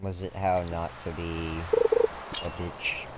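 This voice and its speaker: A man with a fairly low voice chats loosely on a live game stream, teasing and swearing in a playful way. Steady background noise from his home setup sits under his voice. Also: slow pace. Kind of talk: casual live-stream chat. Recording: noisy home stream audio.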